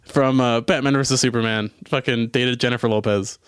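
A man telling stories in casual chat, animated and swearing often. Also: medium pitch, a little fast, clean tone, no echo, studio quality. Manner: animated storyteller, swears a lot. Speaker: bartender.

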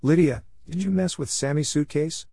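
A hurried young mother in a storybook, voiced by a man, clipped and impatient. Her voice sits a bit higher than the reader's own. The sound is close and dry. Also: vocal fry, mellow, breathy edge, no room sound.

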